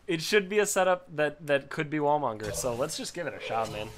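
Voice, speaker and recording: A man giving casual, profane let's play commentary as a gaming host, swinging into loud frustrated rants. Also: fairly high pitch, fairly quick, background noise. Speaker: gaming YouTuber. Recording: game music behind the voice. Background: game music.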